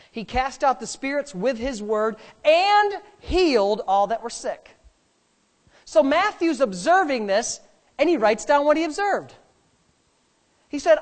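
A male pastor preaching a sermon to a congregation, joking with them and breaking in with hallelujahs. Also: very high voice. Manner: animated, jokes with the congregation; punctuates with hallelujah and praise God. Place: church before a congregation.

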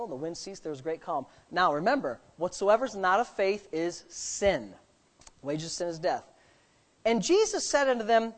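An animated preacher whose pitch leaps and dips through the sermon. The delivery drops to quiet, quick asides, then swells into loud, slowed-down emphasis. Rhetorical questions keep coming at the congregation, with a light joke now and then. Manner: jokes lightly with the listeners.

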